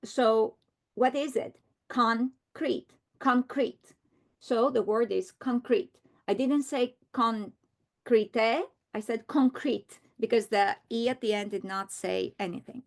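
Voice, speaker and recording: A woman teaching a reading lesson, modeling words slowly and deliberately. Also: fairly high pitch, creaky, darkish tone. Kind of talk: instructional lesson.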